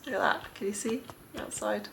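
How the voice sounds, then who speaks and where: A woman's voice: medium pitch, a little fast, vocal fry, fairly bright tone, slight background noise. A young woman chatting casually through a cozy game, rambling with giggly asides. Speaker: cozy gaming vlogger. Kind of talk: casual gameplay commentary.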